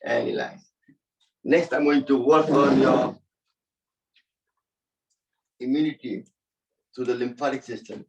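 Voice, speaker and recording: A man's voice: mid-range voice, distant mic, muffled recording. A man leading a yoga class, giving short spoken cues in loose, non-native English phrasing. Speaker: yoga instructor. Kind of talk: guiding a laughter yoga class.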